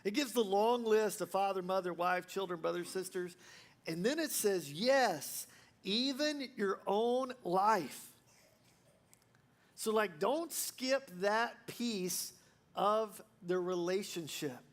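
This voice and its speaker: A man's voice: high voice, measured pace. A male pastor preaching a sermon in a casual, joking way, full of fillers and restarts.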